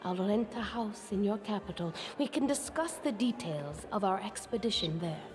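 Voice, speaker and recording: A woman voicing a friendly adventurer ally in a video game, speaking with dry, teasing warmth. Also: medium pitch, lively intonation, normal speed, close to an everyday voice. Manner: wry, teasing farewell.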